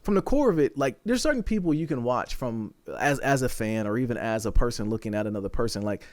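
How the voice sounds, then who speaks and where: A man co-hosting a podcast in casual chat, animated and quick to laugh. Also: medium pitch, dry recording. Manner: fast, animated, laughing often. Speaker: podcast co-host.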